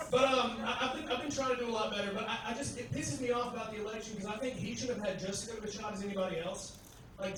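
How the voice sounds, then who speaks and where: A man's voice: very high voice, very echoey, distant mic, rough recording. A man from Tennessee doing a crude, brash stand-up comedy set on a club stage, talking to the crowd between punchlines.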